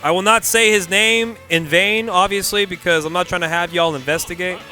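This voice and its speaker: A young man from the Bay Area commentates a game tournament in a loose, slangy, animated style. His voice is bright and sits slightly high for a man. Soft music plays faintly behind him. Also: a little fast. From California Bay Area. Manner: animated, slangy, laughing storyteller. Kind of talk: casual storytelling commentary.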